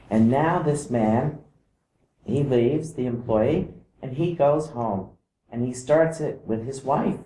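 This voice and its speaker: Mellow-voiced man explaining in a roomy space. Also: medium pitch. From outside Iceland. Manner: calm and explanatory, mimics vibrations with sung "da" syllables. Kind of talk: explanatory talk to camera.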